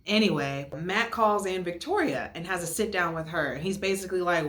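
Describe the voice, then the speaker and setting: A young woman chats through a reality-show recap with a lowish voice that jumps up high whenever she mimics someone. She laughs often and keeps it loose and gossipy. Her voice bounces off the walls of an echoey room. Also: fairly quick, hardly any pauses. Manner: animated, acts out quotes in a higher voice, laughs often. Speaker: podcast host reviewing a reality show. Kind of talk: casual recap chat.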